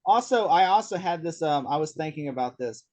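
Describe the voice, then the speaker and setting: A man co-hosting a casual review podcast, jokey and quick to laugh. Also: a little high, lively intonation. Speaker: podcast co-host.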